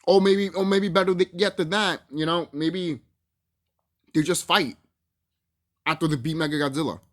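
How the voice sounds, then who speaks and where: A man's voice: fairly high pitch, moderate pace. A man casually ranting to his viewers, swearing freely, laughing often and repeating himself for emphasis. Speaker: YouTube movie commentator. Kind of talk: casual rant to camera.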